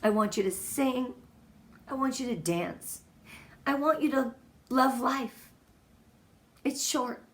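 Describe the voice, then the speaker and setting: A woman's voice: high voice, animated, slow, pauses often. Earnest, emotional woman giving a pep talk. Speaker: guest speaker, team trainer. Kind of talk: motivational team training talk.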